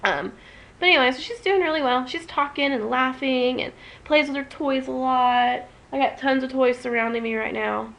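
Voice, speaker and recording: A woman's voice: high voice, moderate pace, gravelly, a bit bright, low-quality recording. A young woman vlogging at home, talking emotionally and rambling with many restarts. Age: young adult. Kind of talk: casual emotional vlog.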